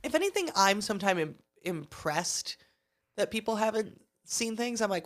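A woman's voice: medium pitch, very animated, normal speed. A young woman co-hosting a podcast in casual chat, enthusiastic, laughing as she talks and swearing now and then. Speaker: podcast co-host.

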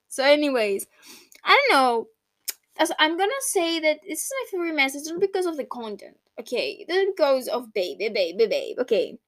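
High-voiced young woman, rambling and emotional. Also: fairly bright tone, dry recording. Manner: rambling, emotional, laughs and swears. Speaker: podcast host. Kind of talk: personal podcast, casual and emotional.

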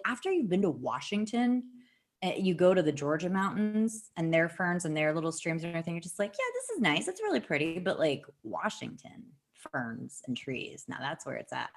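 Blunt, swearing woman, low voice. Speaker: podcast co-host. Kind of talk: casual chat. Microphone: remote call mic.

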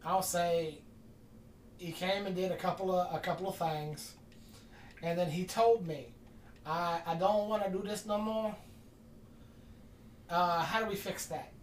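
A podcast host telling a long story in casual chat, rambling and animated, acting out the quoted dialogue. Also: medium pitch, a little slow, long pauses, slight background noise. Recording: distant mic in an echoey room.

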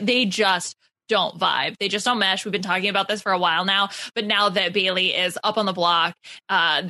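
A woman's voice: medium pitch, pushed and bright, dry recording. A woman co-hosting a casual recap show, chatty, laughing often and saying "like" a lot. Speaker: podcast co-host.

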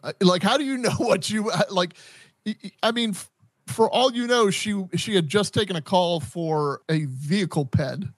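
Male podcast host, slightly high voice, dry close sound, chatty, stammers and restarts a lot. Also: no room sound. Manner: animated, halting, lots of restarts and stammers. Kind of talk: casual chat.

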